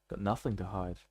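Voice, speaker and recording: Jokey, low-voiced male streamer. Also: a little mellow, slightly rough. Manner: jokey, laughs often. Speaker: gaming streamer. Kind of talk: live gameplay commentary.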